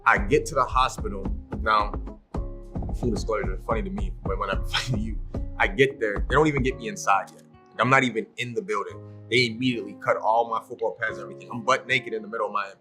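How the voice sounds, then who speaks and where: A man's voice: fairly low pitch, quick pace, music in the background. A man as a podcast guest telling a story in a casual way, acting out what others said and laughing often. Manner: animated, acts out the voices of people in his story.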